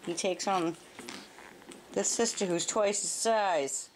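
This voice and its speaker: A woman's voice: medium pitch, slow pace, long pauses, slight background noise. A woman filming her puppies at their pen indoors and talking to them in a cooing, baby-talk way. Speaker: puppy owner filming her litter. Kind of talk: casual talk to pets.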